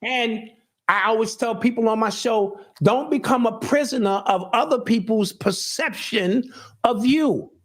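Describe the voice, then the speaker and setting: A man's voice: extremely high pitch, a little slow, fairly bright tone. A middle-aged man in casual chat, talking earnestly and a bit preachily, often repeating words as he restarts. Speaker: show host and guest.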